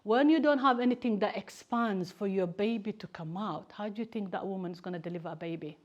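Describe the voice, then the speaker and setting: A woman whose first language is Somali, giving a lively personal talk to students as a campaigner, telling stories animatedly. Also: mid-range voice, brisk, dull audio. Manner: animated storytelling, acts out family members' voices.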